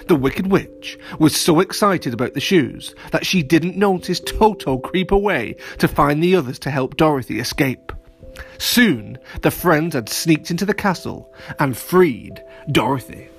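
A man narrating a children's story, animated and playful, speaking straight to young listeners. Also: on the high side, measured pace, faint music behind.

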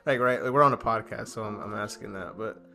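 A man's voice: lowish voice, quick pace, gravelly. A young man co-hosting a podcast in casual chat, rambling with lots of fillers and swearing, acting out little quoted exchanges. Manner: rambling, heavy filler and swearing, animated impressions. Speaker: podcast co-host.

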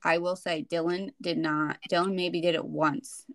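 A woman, a podcast co-host, chatting casually with quick asides and many short replies as a listener. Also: fairly low pitch, fairly even intonation, vocal fry, no room sound. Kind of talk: casual chat.

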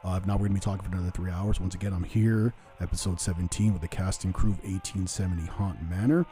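A man's voice: low voice, fairly even intonation, quick pace, mellow, soft background music. A man hosting a podcast in casual chat, rambling and joking at his own expense. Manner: rambling, jokey, self-deprecating. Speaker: podcast host.

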